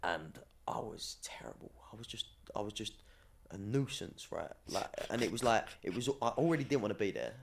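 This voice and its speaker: A young man, telling stories in a slangy, cheeky, animated way during a casual podcast chat. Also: on the low side, brisk, gravelly, a little hiss or hum. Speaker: podcast guest, former academy footballer.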